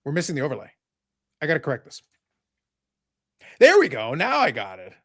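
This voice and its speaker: A man's voice: a little high, huge pitch swings, a little fast, fairly bright tone. A man hosting a live podcast, talking casually in a rambling, sarcastic, joking way. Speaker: podcast host.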